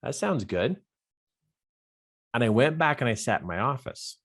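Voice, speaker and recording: A man's voice: medium pitch, normal speed. A man, a life coach, telling a personal story with lots of laughter and acted-out dialogue. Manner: expressive, laughs often, acts out dialogue.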